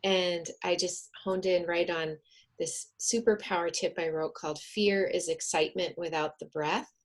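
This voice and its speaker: A woman on a video call, talking earnestly and then coaching a group through slow counted breathing. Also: lowish voice, fairly even intonation. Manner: soft, earnest, counts slowly. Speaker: wellness speaker.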